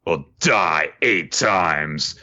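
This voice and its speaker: A man's voice: low-pitched, lively intonation, very slow, pushed and bright, highs cut off, voice pushed down, heavily acted. A man voicing a spiteful, hot-headed young male mage who talks bluntly and swears. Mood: taunting.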